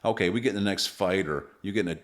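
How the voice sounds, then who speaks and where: An earnest man with an extremely deep, low voice co-hosts a casual podcast conversation. He tells stories at length and often stops to restart a sentence. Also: very fast. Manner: earnest, storytelling with frequent restarts. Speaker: parenting podcast co-host.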